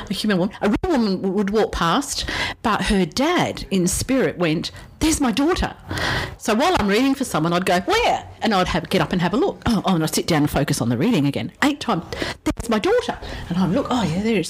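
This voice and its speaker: A woman's voice: mid-range voice, a little hiss or hum, low-quality recording. A woman, a psychic medium, telling rambling anecdotes in conversation and acting out the voices she quotes. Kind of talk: storytelling in a conversation.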